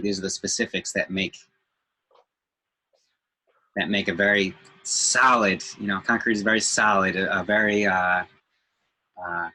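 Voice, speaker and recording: A man's voice: low-pitched, sharp tone, rough recording. A man speaking in a reflective group discussion, thoughtful and hesitant, with many fillers and restarts.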